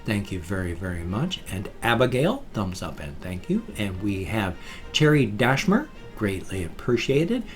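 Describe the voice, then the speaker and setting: An older man vlogging alone, talking casually and in a folksy, rambling way, his sentences often trailing off softly. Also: on the low side, big pitch swings, measured pace, soft background music. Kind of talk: casual vlog monologue.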